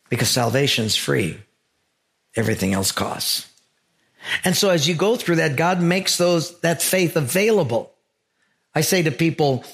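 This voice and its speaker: A man's voice: medium pitch, vocal fry. A man preaching a sermon as a pastor, earnest and emphatic, telling stories to drive his point home.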